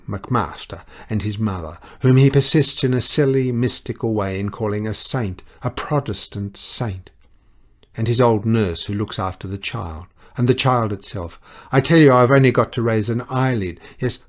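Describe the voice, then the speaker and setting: A man's voice: fairly low pitch, close to an everyday voice. A man voicing a bitter, scornful young English society wife, speaking with cutting passion in an audiobook reading.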